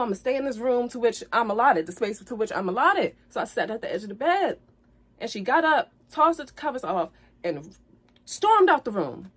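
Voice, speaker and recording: A woman speaking tells viewers about a painful breakup on a live stream. Her voice sits at an ordinary middle pitch. She is upset and close to tears, circles back over her own phrases, and climbs loud and heated as she gets into the fights. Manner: addresses viewers directly, repeats phrases, grows loud and heated when recounting fights. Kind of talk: emotional live-stream storytelling.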